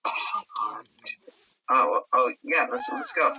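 Bright, very lively gaming co-player. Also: mid-range voice, slow, husky, lo-fi sound. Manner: hesitant, lots of short reactions and fillers. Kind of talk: casual gameplay chat.

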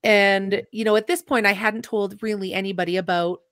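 A young adult woman speaks as a podcast guest, retelling her own story with earnest emotion. She slips into quoted dialogue as she goes. Her voice sits at an ordinary middle pitch and is recorded close and dry, with no room sound. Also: fairly even intonation, fairly quick, fairly bright tone, no echo. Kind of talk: personal storytelling in an interview.

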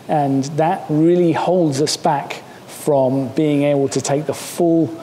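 A man's voice: fairly high pitch, fairly even intonation, takes it slowly, mellow, long reverb tail, slight background noise. A man giving a seminar talk, casual and joking, with many fillers and restarts. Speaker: seminar speaker. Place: lecture hall.

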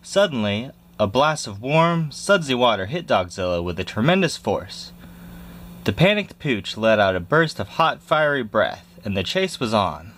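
A man reading a picture book aloud in a lively, expressive way. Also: mid-range voice, moderate pace, a little hiss or hum. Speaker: storybook reader.

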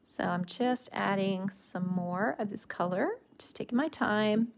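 A middle-aged woman teaching a watercolor stamping technique in a live craft demonstration, talking in a relaxed, gently instructive way and often restarting her sentences. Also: medium pitch, measured pace, vocal fry, slight background noise.

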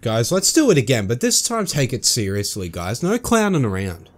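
Excitable joking man narrating gameplay. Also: moderate pace. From Australia. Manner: jokey, excitable, swings into sudden high yelps. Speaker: gaming YouTuber. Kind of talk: let's play commentary.

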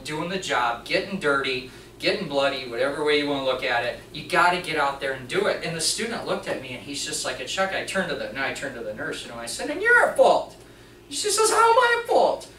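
A man giving a live training presentation to an audience, telling a story in an animated way and acting out the dialogue. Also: fairly high pitch, quick pace, a little hiss or hum. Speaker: workplace trainer and mechanic. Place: meeting room at a hospital. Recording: roomy echo, distant mic.

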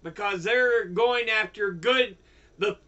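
An older man giving an angry political rant, heavily profane and bursting into shouts. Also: high voice, slow, highs cut off. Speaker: YouTuber.

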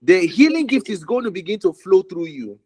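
High, lively-voiced fervent male minister. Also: fairly quick, dry recording, low-quality recording. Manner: fervent, repetitive declarations, sometimes dropping to a whisper. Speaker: prophetic minister. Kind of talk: prophetic ministry over a call.

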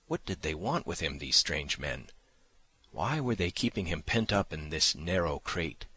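Male audiobook narrator, very deep, forceful, dry studio sound. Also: breathy edge, no room sound. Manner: measured, dramatic reading. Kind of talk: scripted narration.

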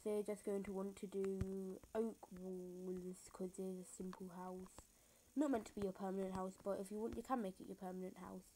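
Girl rambling through a build tutorial, keeps saying so yeah, laughs at herself, middling pitch, phone mic with faint hiss. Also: level tone, normal speed, warm tone, rough recording. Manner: rambling, filler-heavy, self-mocking. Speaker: game tutorial maker. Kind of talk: casual building tutorial commentary. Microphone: phone screen recorder mic.

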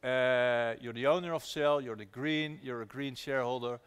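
A man tells a story as a guest at a live discussion. His voice sits at an ordinary middle pitch. He talks earnestly and animatedly, often restarting his sentences. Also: moderate pace, clean tone. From Netherlands. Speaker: activist investor guest. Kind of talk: storytelling conversation at a public talk.

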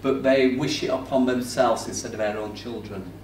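A man preaching a sermon in a conversational manner, swinging between loud bursts and hushed passages. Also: mid-range voice, fairly even intonation, moderate pace, far from the mic, a little hiss or hum. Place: church hall. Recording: roomy, off-mic church recording.

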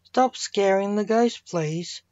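A woman's voice: mid-range voice, slow, darkish tone, no room sound, highs cut off, natural voice. Senior: curt older man, grim reaper grandfather, snaps at people, read by a woman. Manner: curt, snappish.

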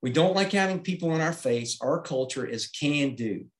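A man's voice: on the high side, expressive, normal speed. Plain-spoken man teaching safety. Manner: plain-spoken, explains each chart step by step, checks in with "okay?". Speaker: aviation safety instructor. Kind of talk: slide-based safety presentation.

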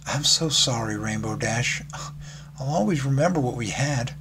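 A man voicing a shy, gentle female pony who apologizes softly and sorrowfully. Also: medium pitch, moderate pace, lightly acted. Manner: soft, apologetic. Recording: background noise.

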